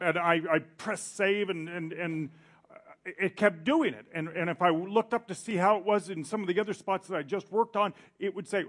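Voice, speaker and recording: A middle-aged male pastor preaching a sermon in an animated way, acting out quoted voices. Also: high voice, normal speed.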